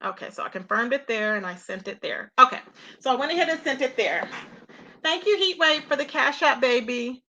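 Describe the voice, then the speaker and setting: A woman gives casual, opinionated commentary to her viewers. Her voice sits high and sounds bright and forceful. She talks in a loose, chatty way, often checking in with the audience. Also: lively intonation, a little fast, a little hiss or hum. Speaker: commentary livestream host. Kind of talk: casual drama commentary talk.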